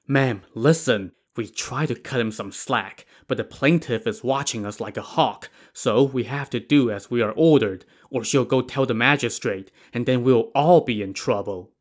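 A man voicing a nervous, apologetic jailer who mutters and pleads in a soft, slow voice. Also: medium pitch, natural voice. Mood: pleading. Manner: muttering, mumbling.

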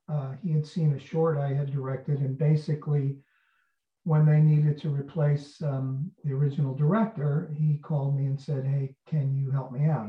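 A man tells an anecdote as an interview guest and slips into the voices of the people in it. He sounds far from the mic, in a roomy space, with a dull, muffled tone. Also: fairly high pitch. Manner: animated, acts out quotes. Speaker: actor, guest. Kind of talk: storytelling in an interview.

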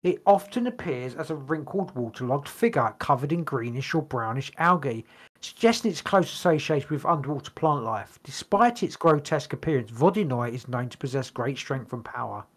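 A man's voice: medium pitch, expressive, brisk, fairly bright tone. A man co-hosting a podcast, reading notes aloud in casual chat, stumbling over words and swearing casually. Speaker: podcast co-host.

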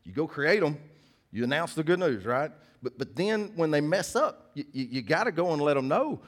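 A middle-aged man preaching a sermon, telling personal stories as he swings between loud bursts and hushed asides. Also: fairly high pitch, very animated, normal speed.

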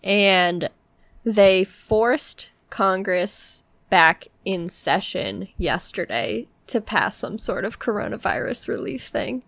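A woman's voice: mid-range voice, expressive, slow pace, vocal fry, fairly bright tone, dry recording. A woman co-hosting a podcast, reading out the news in a chatty, sleepy, apologetic way. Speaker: podcast co-host. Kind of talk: casual chat.

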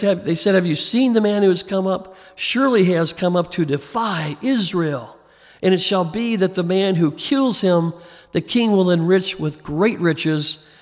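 Gravelly preacher in a reverberant hall. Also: male voice, on the high side. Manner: conversational, rising to emphatic preaching. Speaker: pastor. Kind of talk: expository sermon.

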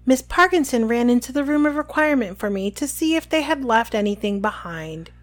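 A woman's voice: a little high, animated, brisk, close to an everyday voice. A woman reading aloud and voicing a prim, self-satisfied female school inspector.

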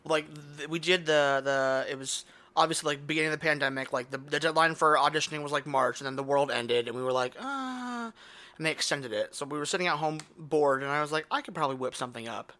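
Bright-voiced animated man from Ohio. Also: on the high side, fast. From Ohio, United States. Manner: animated storyteller acting out quoted voices. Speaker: guest, drag performer. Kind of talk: casual interview chat. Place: festival venue.

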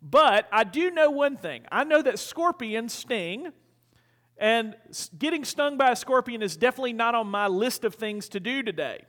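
Self-deprecating, cautious fable frog voiced by a man, high voice, reverberant room. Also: animated, normal speed, fairly bright tone. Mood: wary. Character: wary humble male frog. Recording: hall reverb.

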